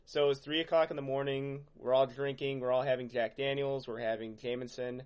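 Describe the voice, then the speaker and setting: A man hosting a podcast talks in a relaxed, easygoing way. His voice sits at a middle pitch, and he swears freely as he tells his stories. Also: brisk, few pauses, clean tone. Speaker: podcast host. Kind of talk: casual chat.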